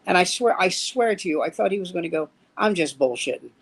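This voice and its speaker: Gravelly, high-voiced male comedian host. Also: fast, poor audio. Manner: animated storyteller, acts out quotes. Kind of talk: casual chat.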